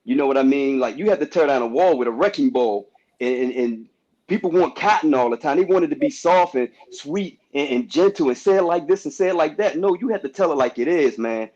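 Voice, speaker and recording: A man's voice: on the high side, animated, a little fast, a little mellow. A man talking on a casual panel discussion who keeps asking "you know what I mean" and restarts his phrases. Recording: dull lo-fi sound.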